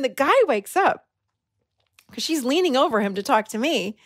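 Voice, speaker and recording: A woman hosting a podcast, telling a personal story in an animated way and acting out the voices she quotes. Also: fairly high pitch, fairly quick, dry recording, clean studio sound. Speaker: podcast host. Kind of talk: storytelling monologue.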